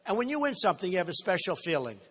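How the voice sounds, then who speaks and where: A man speaking at a political rally in a big indoor hall, his voice pitched high for a man and pushed hard with a bright, forceful edge. He riffs off the cuff, repeats himself and brags, then bursts into shouts to drive a point home. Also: big pitch swings, very fast, slightly rough. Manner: boastful, repetitive, off-the-cuff. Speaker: political candidate. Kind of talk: campaign rally speech.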